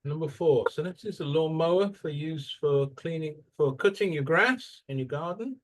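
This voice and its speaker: A man with a slightly high-pitched voice and normal pace teaches English to a class. He quizzes the students energetically, emphasizing and drawing out the stressed syllables of each word he models.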